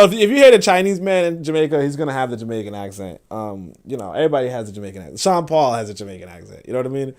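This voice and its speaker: A man's voice: mid-range voice, expressive, very fast, hardly any pauses, darkish tone. A man hosting a casual livestream, chatting loosely and full of slang, fillers and laughs. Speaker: host.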